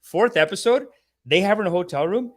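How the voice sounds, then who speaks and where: Brief: young male host, higher-pitched voice, loose and swearing, acts out quotes for laughs. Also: a little fast. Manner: animated and profane, acting out others in mock voices. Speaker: show host reviewing a documentary series. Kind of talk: casual rambling review monologue.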